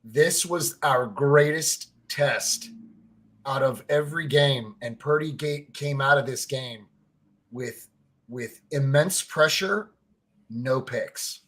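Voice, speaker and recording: A man co-hosting a casual sports podcast, telling stories in an animated way, swearing freely and saying "like" and "right?" a lot. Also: medium pitch, slow pace. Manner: excitable, fan-to-fan talk addressing listeners as family. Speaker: podcast co-host.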